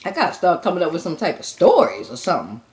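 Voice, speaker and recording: A woman's voice: lowish voice, wildly swooping pitch, fast, darkish tone. A woman hosting an eating show, chatting casually to viewers between bites and humming over her food. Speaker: mukbang host.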